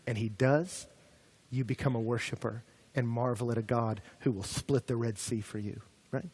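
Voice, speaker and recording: Animated young male preacher, dry close sound. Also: medium pitch, no echo. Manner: animated, builds to shouting in comic retellings. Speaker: pastor. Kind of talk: sermon. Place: campus ministry gathering.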